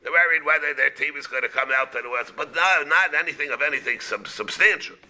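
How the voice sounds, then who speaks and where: A man, a rabbi teaching a Talmud class, explaining in a halting way, often repeating words and mixing Hebrew and Aramaic terms into his English. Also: fairly high pitch, bright, forceful tone.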